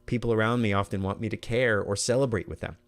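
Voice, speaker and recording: A man's voice: fairly low pitch, fairly even intonation, quick pace. A middle-aged man presenting an online workshop in an earnest, conversational way, often repeating words as he thinks.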